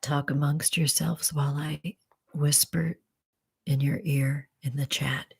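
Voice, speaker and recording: A woman hosting a casual live stream, chatting playfully with viewers and slipping into soft whispers and remembered cheers. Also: low-pitched, flat delivery, slow pace, vocal fry, breathy edge, dry recording, studio quality. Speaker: tarot content creator, live stream host.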